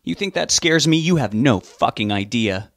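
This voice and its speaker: A man's voice: medium pitch, expressive, normal speed, a bit bright, dry recording. A man voicing an angry, sarcastic young adult son who stands up to his father. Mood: defiant. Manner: sarcastic, snarling.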